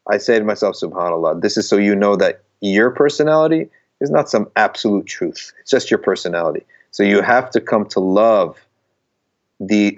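Earnest low-voiced man, slightly muffled. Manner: earnest, emphatic, circles back and restarts phrases. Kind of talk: conversational talk.

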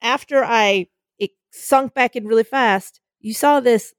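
Brief: young woman co-host, lively storyteller who acts out voices, pitched a touch high, dry close sound. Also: measured pace, no room sound. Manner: animated storyteller acting out voices, swearing. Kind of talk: casual storytelling chat.

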